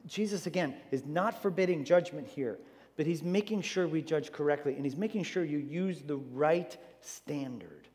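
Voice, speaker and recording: A man preaching in a church hall, his slightly high voice carrying a long tail of reverb. He talks with animated emphasis, tosses in jokey asides and repeats words as he restarts. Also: moderate pace. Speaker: pastor. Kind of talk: sermon.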